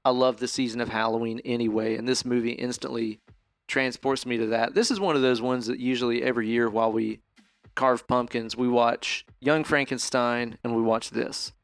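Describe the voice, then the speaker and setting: A podcast co-host with a medium-pitched, steady voice chats casually and enthusiastically about a movie at a moderate pace, rambling a bit and swearing now and then. Soft background music plays, with no room sound.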